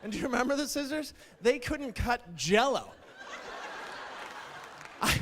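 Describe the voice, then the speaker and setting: A man doing a stand-up comedy set, wry and self-deprecating, building to loud indignant outbursts. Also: very high-pitched, sing-song, a little slow, long pauses, slight background noise. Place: comedy stage before a live audience. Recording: stage mic in a reverberant hall with laughing crowd.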